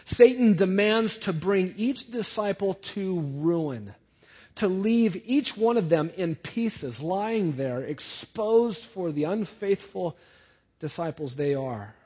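A husky man preaches slowly and deliberately, letting his voice sink low and quiet at the end of each thought. His voice sits a little higher than most men's. The recording sounds dull and lo-fi. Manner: deliberate preaching, dropping low and soft at phrase ends. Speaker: pastor. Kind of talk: sermon.

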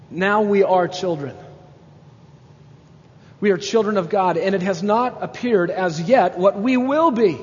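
A man's voice: high voice, darkish tone. A pastor preaching a sermon with emphasis, building to exclamations as he makes his points. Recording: dull sound with long hall reverb.

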